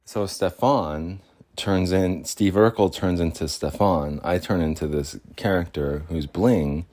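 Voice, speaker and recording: A man's voice: deep voice, a little slow, darkish tone. A man hosting a casual solo podcast from his home, rambling in a goofy, playful way. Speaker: podcast host. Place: home with cats, in Boston.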